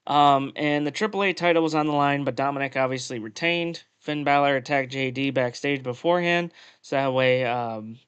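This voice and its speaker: A man's voice: medium pitch, moderate pace, a bit bright, clean tone, dry recording. A man co-hosting a podcast, recapping wrestling in casual chat, blunt and profane, with lots of "uh" and "um". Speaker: podcast co-host.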